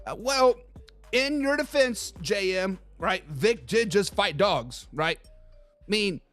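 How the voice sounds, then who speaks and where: A man's voice: sits high, animated, takes it slowly, a bit bright, faint music behind. A man hosting a casual livestream sports talk show, rambling loosely and reading viewers' chat comments aloud.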